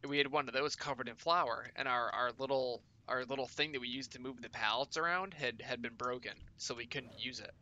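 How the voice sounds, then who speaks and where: A man's voice: medium pitch, brisk, hardly any pauses, bright, forceful tone, dull audio, a little hiss or hum. A man chatting casually with his viewers as a streamer, rambling with lots of swearing and fillers.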